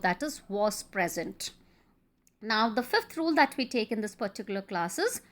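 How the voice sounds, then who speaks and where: High-voiced woman teaching grammar. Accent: Indian English. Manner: patient, repeats each rule and example slowly. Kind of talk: classroom grammar lecture.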